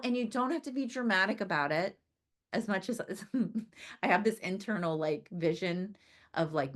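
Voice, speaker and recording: A woman giving a chatty motivational business training talk, often laughing and checking in with her listeners by asking "right?". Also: medium pitch.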